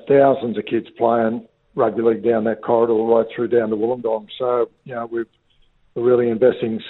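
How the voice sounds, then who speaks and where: Older Australian man on a phone line. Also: medium pitch. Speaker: rugby league football director, guest. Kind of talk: phone interview.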